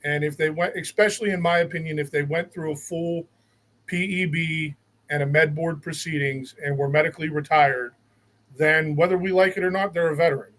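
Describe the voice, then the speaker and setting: A man's voice: a little high, steady tone, a little fast, a bit bright, rough recording. A man speaking as a guest in casual talk, earnest and opinionated, often repeating words as he starts a thought. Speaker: guest, veteran.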